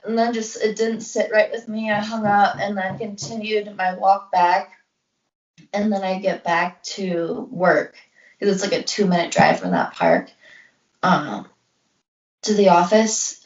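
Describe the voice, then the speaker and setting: Gravelly young woman telling a story. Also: medium pitch, steady tone, measured pace. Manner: rambling, heavy use of "like", acts out quotes. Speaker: podcast co-host. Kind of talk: casual storytelling chat. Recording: roomy, distant, dull lo-fi sound.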